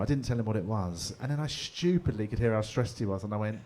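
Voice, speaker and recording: A man, telling a story in a stand-up comedy set in a pub, animated and bursting into mock voices. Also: lowish voice, fast talker, few pauses. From England. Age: 40s. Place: pub comedy room with live audience.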